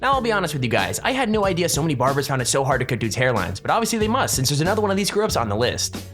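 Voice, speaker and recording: Guy narrating a top five list, talks super fast, chatty and wry, music under it. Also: on the high side, very animated, fairly bright tone. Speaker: countdown narrator. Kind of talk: scripted voice-over narration.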